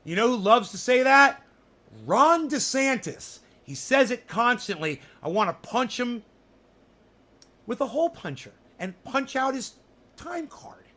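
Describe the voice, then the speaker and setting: A man with a high, bright voice hosts a casual livestream chat. He rambles and swears freely, and his sarcastic asides spill out in loose, restarted sentences. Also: big pitch swings, a little slow. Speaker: livestream host.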